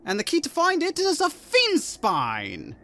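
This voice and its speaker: A man voicing a pompous old sage's skull who answers in a slow, condescending drawl. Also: extremely high pitch, wildly swooping pitch, sharp tone, voice pushed up, heavily acted.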